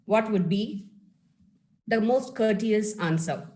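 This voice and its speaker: A woman from India speaking to an online audience as a life skills trainer. Her voice sits at a middle pitch, and she talks in an encouraging way, calling her listeners friends. She is heard through a video call. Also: slow, warm tone, rough recording. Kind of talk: live webinar talk.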